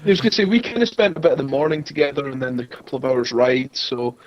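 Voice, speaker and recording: Man, tabletop player, rapid speech, dull lo-fi call audio, blunt and matter-of-fact. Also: medium pitch. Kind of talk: casual tabletop game chat.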